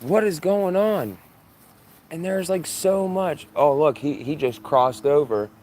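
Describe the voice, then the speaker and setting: A man streaming live outdoors from his yard on a phone camera. He comments on the sky in an urgent, excitable way and keeps repeating himself. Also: fairly high pitch, takes it slowly, a little hiss or hum. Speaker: livestreamer.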